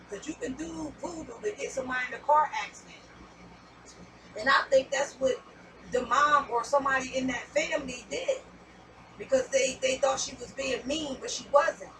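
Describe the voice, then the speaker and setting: A woman's voice: fairly high pitch, a bit bright, far from the mic, slight background noise, poor audio. A woman giving a casual tarot reading, rambling and repeating herself, with some swearing. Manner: rambling, repetitive, profane. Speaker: tarot reader.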